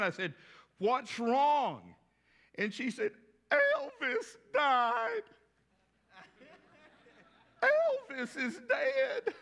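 Bright-voiced pastor in his sixties. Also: on the high side. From West Texas. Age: 60s. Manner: folksy, animated, acts out voices in anecdotes. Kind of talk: storytelling sermon.

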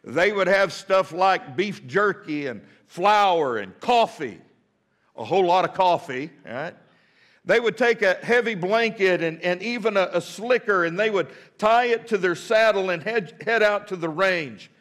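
Man, pastor, sermon, high voice, folksy storytelling, emphatic repetition, talks straight to the congregation. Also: animated, a little slow, a bit bright. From United States.

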